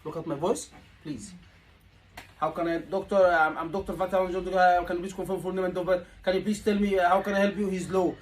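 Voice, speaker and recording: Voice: mid-range voice, steady tone, a little fast, poor audio. A tutor coaching a room of students, repeating key points and asking rhetorical questions. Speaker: exam tutor. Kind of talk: live teaching session.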